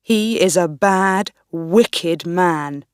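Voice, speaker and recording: A woman voicing an angry, menacing nobleman who gives slow, loud commands. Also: on the low side, clean tone, dry recording, studio quality.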